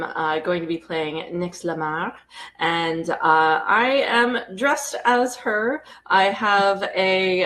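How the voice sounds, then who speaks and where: A woman's voice: lowish voice, fairly bright tone. A woman introducing herself as a player, hesitant and with many fillers. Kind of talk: casual self-introduction.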